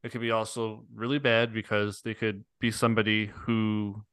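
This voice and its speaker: Man, casual podcast chat, bright tone, dry close sound. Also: lowish voice, level tone, moderate pace, smooth, no echo. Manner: laid-back, says dude and man a lot. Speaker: podcast co-host.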